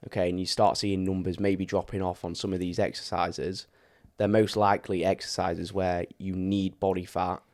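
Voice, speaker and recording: A man's voice: low-pitched, little pitch movement, moderate pace, hardly any pauses, darkish tone. A man, a fitness coach co-hosting a podcast, explaining training advice at length in a casual chatty way with fillers.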